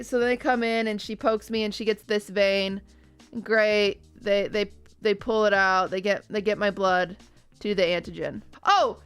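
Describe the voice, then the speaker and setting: A woman's voice: fairly high pitch, clear, resonant tone, dry recording. A young woman streamer chatting casually with her viewers and acting out what people said. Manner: animated storytelling, acting out other people's lines.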